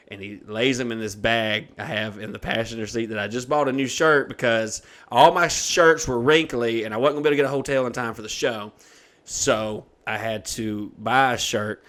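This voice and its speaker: A young man hosting a podcast, telling a long comic story in a casual, profane way and acting out the people in it. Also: medium pitch. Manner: profane, animated, acts out quoted people. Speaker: podcast host.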